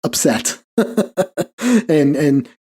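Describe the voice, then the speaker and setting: Mellow-voiced man rambling casually. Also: mid-range voice, steady tone, very slow. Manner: rambling, heavy on "like" fillers, chuckles often. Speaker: podcast host. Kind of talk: casual podcast chat.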